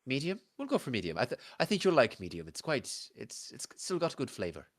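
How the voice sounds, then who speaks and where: A man voicing a brisk, chatty female waitress who explains everything politely and at length. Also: medium pitch, wildly swooping pitch, voice pushed up.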